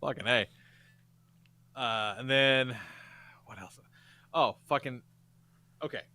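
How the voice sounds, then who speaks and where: Pria bersuara cerah, bercerita penuh umpatan. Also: male voice, mid-range voice, slow, no room sound. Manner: profane, animated storytelling. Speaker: podcast co-host. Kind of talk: casual podcast chat.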